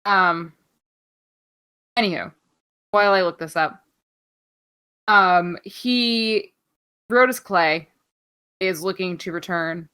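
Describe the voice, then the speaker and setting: A woman with a bright, forceful, slightly low voice runs through the news as a podcast co-host. She rambles offhand, drops swear words without a second thought and fills her pauses with plenty of ums. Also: smooth. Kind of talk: casual wrestling news chat.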